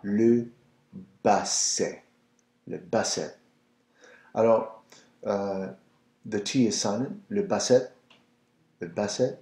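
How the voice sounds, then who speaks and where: Man, low mellow voice, slow and patient language tutor in a roomy space. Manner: patient, repeats words for the listener to copy. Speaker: French language teacher. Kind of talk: slow, repetitive pronunciation lesson. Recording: roomy echo.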